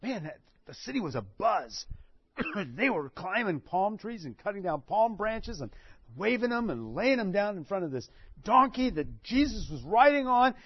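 Man, preacher, high-pitched, animated storytelling sermon, dull dry sound. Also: normal speed, no echo. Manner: animated storytelling, acting out quotes.

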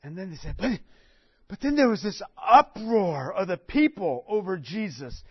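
A man's voice: high-pitched, sing-song, moderate pace, breathy edge, no echo. A man preaching a sermon, telling the story with animation and acting out what people said. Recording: dull dry recording.

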